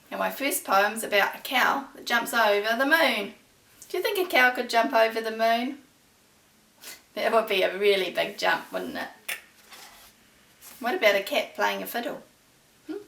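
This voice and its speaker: A fairly high, bright woman's voice, talking to little ones in a warm, sing-song way. She sounds set back from the mic in an echoey room. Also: creaky, recorded from a distance, a little hiss or hum. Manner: warm, sing-song and encouraging, with big excited rises. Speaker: preschool teacher. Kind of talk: storytime lesson for young children.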